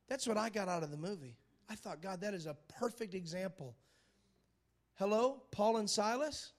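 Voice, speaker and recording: A man preaching with a high, bright voice that swings between loud bursts and hushed asides. He tells a film story as a sermon, repeats phrases for emphasis and keeps checking that his listeners are with him. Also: normal speed. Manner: animated, dramatic storyteller who asks the crowd for agreement.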